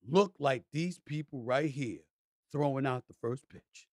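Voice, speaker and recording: A middle-aged man hosting a sports talk show, talking emphatically and repeating himself, with sudden loud, excited outbursts. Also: a little high, normal speed, no echo, studio quality. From New York City. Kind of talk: casual monologue.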